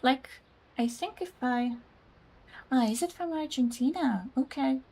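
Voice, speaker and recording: A woman's voice: high voice, a little slow, a little mellow, husky. A young woman streaming a life simulation game, chatting casually with viewers, searching for words and laughing at herself. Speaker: gaming streamer. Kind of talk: casual chat with live chat.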